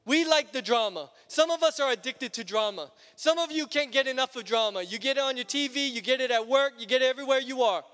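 A male preacher delivering an emphatic, repetitive sermon that builds to shouts. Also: extremely high pitch, expressive, quick pace, hardly any pauses. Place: church sanctuary. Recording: long church reverb with music.

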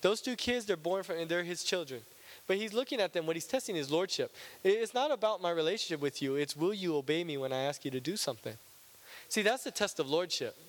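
A man's voice: a little high, expressive, fast talker, long reverb tail. A male pastor preaching a conversational, joking sermon in a church, often checking in with "right?".

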